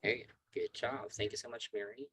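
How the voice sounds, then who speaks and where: A man teaching an online English lesson on a video call, calling on students and patiently repeating words slowly to drill pronunciation. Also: lowish voice, a bit bright, poor audio.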